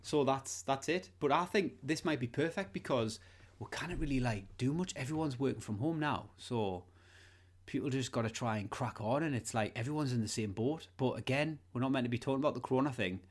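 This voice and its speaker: A man's voice: medium pitch, a little fast. A man with a Geordie accent and a son, co-hosting a podcast in casual chat, rambling through stories with swearing and laughs. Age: adult with a son. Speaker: podcast co-host.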